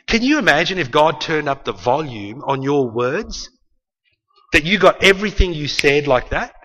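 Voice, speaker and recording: Bright-voiced guy preaching hard, punchy repeats, long hall reverb. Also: on the high side. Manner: emphatic, repeats key phrases, acts out quotes. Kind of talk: sermon. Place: church hall with a live congregation.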